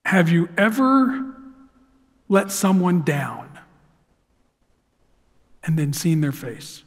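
Male pastor, high voice, preaching in a church with long reverb; dramatic swings between loud and hushed. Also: sing-song, very slow. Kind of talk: sermon. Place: church sanctuary.

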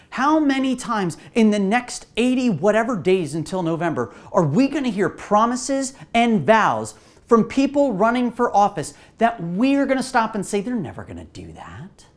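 Animated woman preaching, lively pitch. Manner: animated, asks the congregation rhetorical questions. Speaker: pastor. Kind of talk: sermon.

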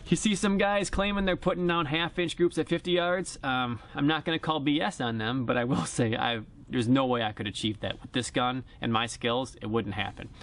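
This is a casual product review vlog in which an airgun reviewer jokes around at an outdoor range, chatty and plain-spoken. He has a medium-pitched, slightly bright voice with fairly even intonation, a moderate pace and hardly any pauses. A camera-mounted shotgun mic records him.

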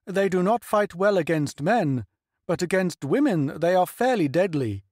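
A dry, crisp official, as a narrator puts him on rattles off instructions in a high voice. It sounds clipped and matter-of-fact, with no room around it. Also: male voice, expressive, normal speed, a little mellow, dry recording. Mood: businesslike. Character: dry crisp male official on a radio broadcast.

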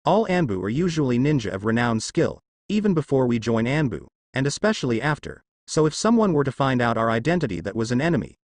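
A man voicing a young woman ninja who is fierce yet gentle and protective, read as a fanfiction audiobook. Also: medium pitch, big pitch swings, fast, hardly any pauses, dry recording, lightly acted. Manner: protective, teasing.

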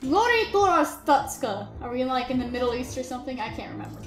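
A woman's voice: on the high side, level tone, racing, a little mellow, reverberant, faint music behind. A woman chatting in a self-mocking, giggly way as she plays a video game, commenting on the game. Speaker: gamer. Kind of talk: let's play commentary.

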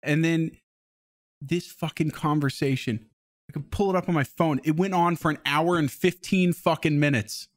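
A man's voice: fairly high pitch, steady tone, normal speed. A man hosting a podcast, telling a story in a casual, rambling way, swearing often and laughing. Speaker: podcast host.

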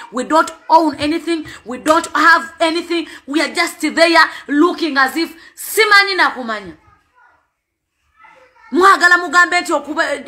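A Ugandan woman speaks as a parent with urgent, emphatic conviction, often repeating her words to drive a point home. Her voice sits very high and rings brightly. She moves freely between two languages as she speaks. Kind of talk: impassioned spoken appeal.

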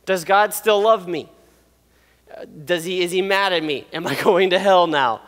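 A man with a high voice preaches to a congregation, telling his own story with animated, self-deprecating humor and frequent laughter. His voice rings out with a long reverb from a large hall. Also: clear, resonant tone. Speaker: pastor. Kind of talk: sermon with personal storytelling.

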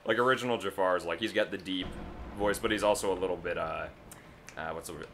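Rambling, low-voiced young man gaming. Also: fast talker, fairly bright tone. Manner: rambling, laughs often, breaks into goofy voices. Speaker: gaming channel co-host. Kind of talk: casual let's-play chat. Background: game music.

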